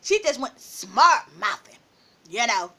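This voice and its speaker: Female storyteller, casual vlog; animated, swooping delivery, frequent laughter. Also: a little high, takes it slowly. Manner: animated, laughs often, calls listeners "baby". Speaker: storytime vlogger.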